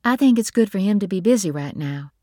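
A woman voicing a quiet, grieving young mother in a read story, earnest and tender. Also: mid-range voice, expressive, brisk, no echo, clean studio sound, pitched above the performer's own voice, close to an everyday voice.

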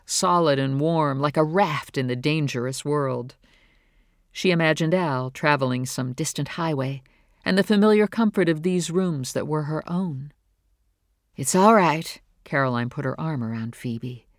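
A woman narrating a novel in a steady, measured reading voice. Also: sits low, no room sound, clean studio sound. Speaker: audiobook narrator. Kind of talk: scripted narration.

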